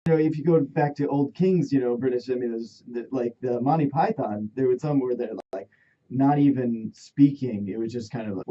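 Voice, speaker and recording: A man's voice: a little high, animated, moderate pace, warm tone, distant mic, highs cut off. A man co-hosting a radio talk show, chatting in an easygoing way with lots of fillers. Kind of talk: casual radio chat.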